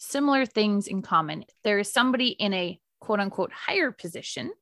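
A woman's voice: medium pitch, animated, a little fast, fairly bright tone, dry recording, studio quality. A woman hosting an interview podcast, affirming and summing up her guest's points. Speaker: podcast host. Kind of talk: conversational interview.

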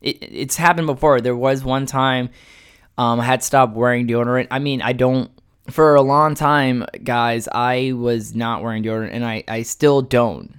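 A man's voice: medium pitch, fairly even intonation, moderate pace, clear, resonant tone. A man talking straight to the camera in a casual, rambling vlog monologue, full of fillers, restarts and swearing, laughing at himself. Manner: self-mocking, laughs at his own story. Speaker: vlogger.

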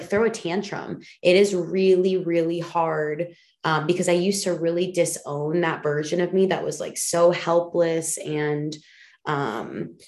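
A woman with a fairly low voice speaks on her podcast in a candid, heartfelt monologue. She talks emphatically, swears casually and leans on fillers as she works through her thoughts. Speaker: podcast host. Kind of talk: personal reflective monologue.

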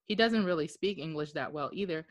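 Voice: medium pitch, fairly quick. Rambling, earnest podcast co-host. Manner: earnest, rambling, many fillers. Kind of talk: casual chat.

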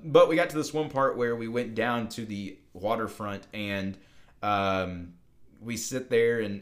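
A young man co-hosts a casual podcast, his voice sitting a little on the low side. He rambles through a story with plenty of fillers and restarts. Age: young adult. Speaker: podcast co-host.

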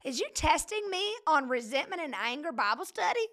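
High gravelly woman leading a Bible study. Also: sing-song, brisk, few pauses, a bit bright. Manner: chatty, joking, digressive preaching. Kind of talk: casual livestream Bible study.

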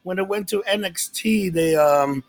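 High, gravelly man ranting profanely. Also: a little slow, a crowd in the background. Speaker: podcast co-host. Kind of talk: casual profane chat.

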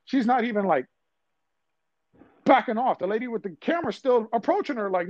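Man, casual debate, blunt slang, rapid speech, dry close sound. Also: extremely high pitch, expressive, no echo, dull audio.

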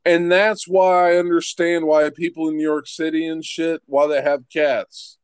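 A man's voice: on the high side, level tone, clean tone, no echo. A man talking in a casual podcast chat, blunt and profane, often restarting his sentences. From West Virginia. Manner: blunt, swears freely, halting restarts.

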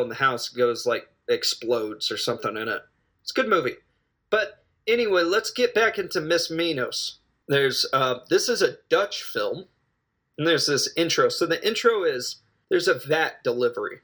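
Bright-voiced jokey man rambling through a film recap. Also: mid-range voice, animated. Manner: jokey, digressive, quick asides and self-corrections. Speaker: film reviewer.

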